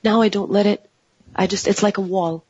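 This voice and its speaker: A woman in a casual group discussion, talking in an expressive, intense way with frequent restarts. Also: medium pitch, a little fast, slightly rough, no room sound. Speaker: panel co-host. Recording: dull lo-fi audio.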